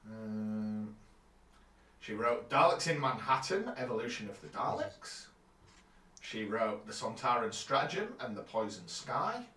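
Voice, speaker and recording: Man, relaxed plot recap, echoey room, far from mic. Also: medium pitch, unhurried. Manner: relaxed, summarizing plot steadily. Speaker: podcast co-host. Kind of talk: casual episode recap. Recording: roomy, distant mic.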